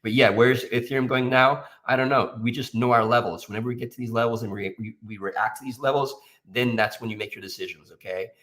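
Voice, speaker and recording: A man's voice: medium pitch, steady tone, brisk, few pauses, fairly bright tone. A man walking through trading charts in casual, emphatic talk, often tagging lines with "okay?" and "guys". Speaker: options trader giving market analysis.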